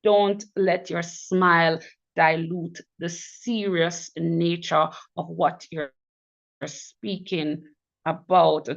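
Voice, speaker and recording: Slow, encouraging woman giving club feedback. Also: fairly low pitch, level tone, vocal fry. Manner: encouraging, praises each evaluator in turn. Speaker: general evaluator at a speaking club meeting. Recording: dull lo-fi recording.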